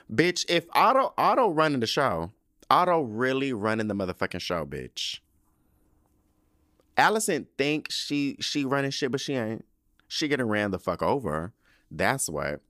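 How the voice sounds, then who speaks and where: A man's voice: medium pitch, a bit bright, no echo, studio quality. A man hosting a podcast, recapping a show in casual, sassy, profane chat full of slang while sipping a drink. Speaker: podcast host.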